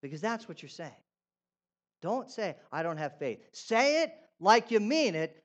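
A man preaching a sermon, swinging between loud declarations and quiet asides, putting questions to his congregation. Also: high-pitched, big pitch swings, measured pace. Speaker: pastor. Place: church.

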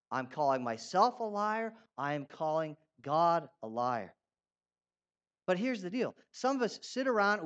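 A man preaching a sermon, swinging between loud declarations and quiet asides, putting questions to his congregation. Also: high-pitched, dull audio. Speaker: pastor. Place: church.

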